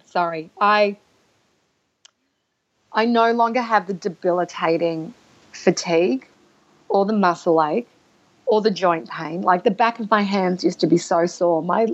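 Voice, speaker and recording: A woman guest telling a personal story in conversation, halting and emotional, with restarts and throat-clearing. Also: lowish voice. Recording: dull lo-fi recording.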